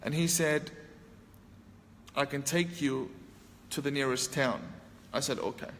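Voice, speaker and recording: A man's voice: medium pitch, measured pace, a bit bright. A man telling a personal story to an audience, acting out his own past lines with a sharply raised voice. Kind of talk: storytelling talk. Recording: long hall reverb, faint ambient noise.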